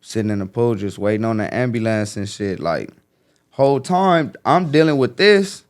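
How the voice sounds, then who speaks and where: A young man telling a story in casual street slang, acting out voices with sudden high jumps. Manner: animated, acts out quotes with sharp pitch jumps; heavy slang, fast casual street talk. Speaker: guest.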